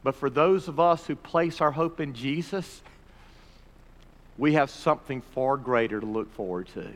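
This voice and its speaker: A man pastor preaching a sermon, rising to emphatic peaks and dropping to quiet, earnest pleas. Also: mid-range voice, a little slow. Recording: reverberant hall recording.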